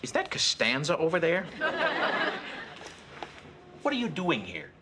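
An actor playing a smug, sneering middle-aged boss who taunts an employee in a sitcom. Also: male voice, a little high, huge pitch swings, a little slow, a loud crowd. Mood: mocking. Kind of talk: sitcom acting. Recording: sitcom audio with background noise.

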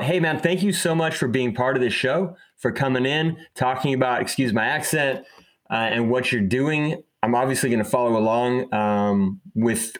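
A man hosting a podcast, thanking his guest in a friendly, rambling way. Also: mid-range voice. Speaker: podcast host. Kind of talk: casual interview chat.

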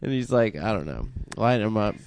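A man's voice: fairly low pitch, animated, brisk, a little mellow. A young man co-hosting a casual chat, telling rambling stories and laughing often. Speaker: podcast co-host.

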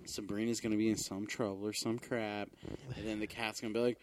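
A man co-hosting a casual podcast, telling an animated story with swearing and sudden high exclamations. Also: brisk, a crowd in the background. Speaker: podcast co-host. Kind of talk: casual chat.

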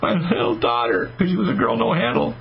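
With a crowd audible behind him, this sixty-something radio talk host speaks a little fast at medium pitch, full of animation. He relays stories with emphasis, imitating the people he quotes, over a slightly muffled broadcast carrying faint noise.

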